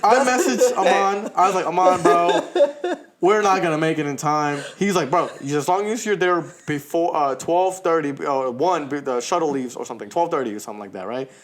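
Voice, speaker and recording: Dude on a podcast telling a road trip story, laughs a lot, swears, kinda high voice. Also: male voice, a little fast, hardly any pauses. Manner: animated storyteller, laughs often, swears casually. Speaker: podcast co-host. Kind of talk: casual storytelling chat.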